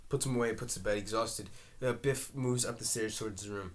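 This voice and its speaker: A man reading a play's stage directions aloud, halting now and then. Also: lowish voice. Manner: halting, with fillers and restarts. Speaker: reader.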